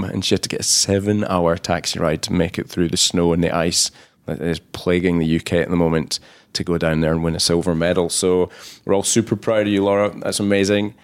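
A Scottish man hosting a podcast, joking and upbeat as he chats with his guest. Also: deep voice. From Scotland. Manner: jokey, upbeat, chatty. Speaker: podcast host. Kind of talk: podcast intro and interview chat.

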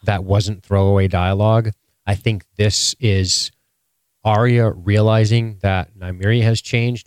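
A man co-hosting a casual live-streamed show recap, talking excitably and swearing often. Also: fairly low pitch, measured pace, clean tone, no echo, clean studio sound. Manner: profane, excitable, animated. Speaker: podcast co-host.

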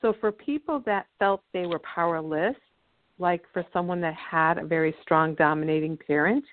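A woman's voice: fairly low pitch, moderate pace. A woman guest speaker explaining ideas earnestly and telling a story in a teaching manner. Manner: earnest, teaching, acts out quotes. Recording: tinny dry phone line.

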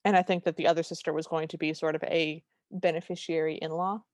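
A woman's voice: sits low, little pitch movement, no echo, studio quality. A woman co-hosting a podcast, casually recapping a film in a playful way and dropping into silly voices for the characters. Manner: playful, quick to jump into silly voices while retelling scenes. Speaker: podcast co-host.

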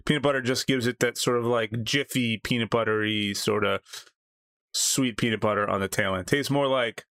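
A man co-hosting a casual beer review podcast, talking in a relaxed, enthusiastic way with some filler words. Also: mid-range voice, moderate pace, no room sound, clean studio sound. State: married. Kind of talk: casual chat.

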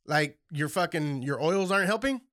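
A man's voice: fairly high pitch, expressive, normal speed, a bit bright, no echo, studio quality. A man in casual podcast chat, swearing constantly and getting worked up as he rants.

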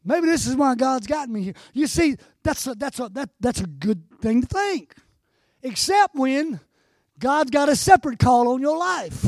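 An older man delivers a sermon as a guest preacher in a high-pitched voice. His impassioned delivery swells to shouts and is close to tears, recorded dry. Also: animated, normal speed, no echo.

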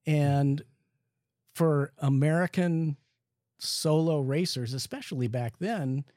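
A man co-hosts a casual chat and tells his story with energy, quoting what he said along the way. His voice is a bit higher than most men's. The recording is close and dry. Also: slow, no room sound. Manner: animated anecdote teller, quotes himself. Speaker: podcast co-host. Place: aboard a boat studio.

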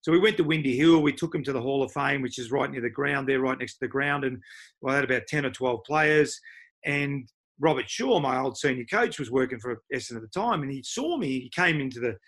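A man's voice: mid-range voice, fairly quick. An older Australian man, a former footballer and coach, telling stories in a casual interview and mimicking other people's voices. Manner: animated, mimics voices in anecdotes.

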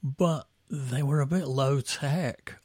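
A man's voice: mid-range voice, slow pace, a little mellow, husky, no echo. A middle-aged man from England, a band musician telling rambling anecdotes in casual chat, with restarts and laughs at his own stories.

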